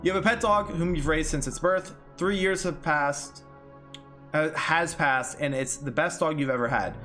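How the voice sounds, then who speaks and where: A man's voice: a little high, normal speed, pushed and bright, faint music behind. A young man streaming a game, chatting casually, reading its text aloud, swearing and reacting emotionally.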